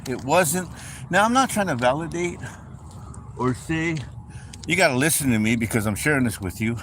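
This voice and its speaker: A man's voice: a little high, moderate pace. A man giving an informal, conversational sermon, repeating phrases and speaking straight to his listeners as folks. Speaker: preacher. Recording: steady background noise.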